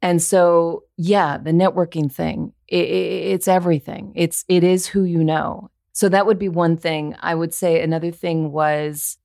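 A woman's voice: fairly low pitch, little pitch movement, measured pace, creaky, hardly any pauses, warm tone, no room sound, studio quality. A woman voiceover actor, a guest on a podcast, talking in a candid, earnest way as she thinks aloud. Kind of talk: casual interview chat.

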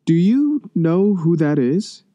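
A man's voice: mid-range voice, normal speed, mellow, dry recording, dull audio, natural voice. A man voicing a timid young actor. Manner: timid, hesitant. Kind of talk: audiobook reading.

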